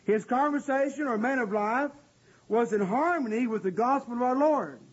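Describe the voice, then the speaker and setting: A man preaching a sermon and explaining scripture in an earnest, conversational way, often pausing with "uh.". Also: very high-pitched, slightly rough. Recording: dull lo-fi recording.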